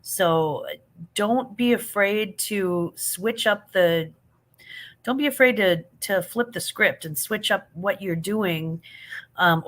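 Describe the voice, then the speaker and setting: A woman's voice: mid-range voice, fairly bright tone. A middle-aged woman hosting a casual live chat, answering viewers with laughs and affection while yawning and sleepy. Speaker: livestream host answering chat.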